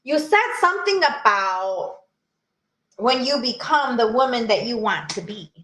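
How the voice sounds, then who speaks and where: Bright-voiced woman on a video call. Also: on the high side, lively intonation, a little slow, echoey room. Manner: earnest, encouraging, laughs often. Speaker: podcast co-host. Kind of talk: casual chat.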